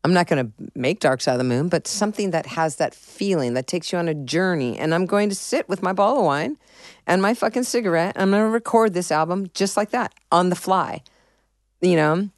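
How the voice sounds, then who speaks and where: A woman's voice: lowish voice, lively intonation, fairly quick, no echo, clean studio sound. A middle-aged woman musician telling stories in an interview, rambling and profane, full of restarts and fillers. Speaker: musician guest. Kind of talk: candid interview storytelling.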